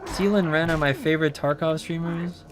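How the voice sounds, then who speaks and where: A man's voice: a little high, steady tone, moderate pace, background noise. A young man streaming a game, chatting casually and playfully with his chat, rambling and throwing in meows. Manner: playful, rambling, reacts to chat, says meow. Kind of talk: casual live-stream chatter while gaming.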